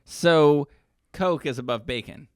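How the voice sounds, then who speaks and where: A man's voice: fairly high pitch, slow pace, no echo, clean studio sound. A man co-hosting a casual chat podcast, teasing and asking questions about the plot. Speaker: podcast co-host.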